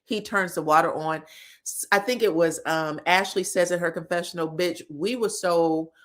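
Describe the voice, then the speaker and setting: A woman's voice: lowish voice, moderate pace. A woman hosting a reality TV recap, talking casually and sassily, laughing often and acting out what the cast said. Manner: animated and sassy, laughs a lot, acts out quotes.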